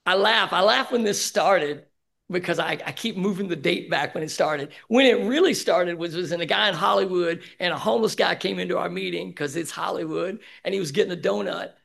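A man speaking candidly at a recovery meeting, sharing his personal story with many halting fillers. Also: high-pitched, gravelly, a bit bright. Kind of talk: personal testimony.

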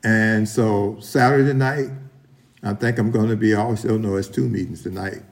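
Man, middle-aged, low voice, gravelly, rambling personal testimony. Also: steady tone, moderate pace. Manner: rambling, repeats and restarts, addresses the room. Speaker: recovery meeting speaker.

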